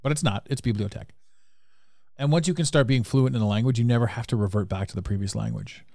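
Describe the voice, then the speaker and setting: A man delivers a motivational podcast monologue in a frank, earnest way, dropping the odd swear word. His voice sits at a middling pitch. He is recorded close on a podcast mic in a dry space. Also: lively intonation, quick pace, dark tone, dry recording. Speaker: podcast host.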